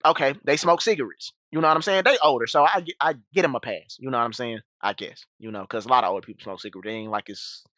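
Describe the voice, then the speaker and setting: A man's voice: mid-range voice, quick pace, few pauses, pushed and bright, no room sound, studio quality. A young man streaming and casually telling a story to his chat, rambling with many restarts and asides.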